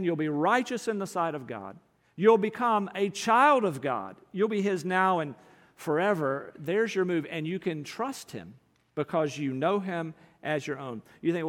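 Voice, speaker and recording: Pastor guy preaching, high voice, earnest, echoing long in a big church hall. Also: fairly bright tone. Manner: earnest, preaching with rising emphasis and repeated words. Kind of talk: sermon.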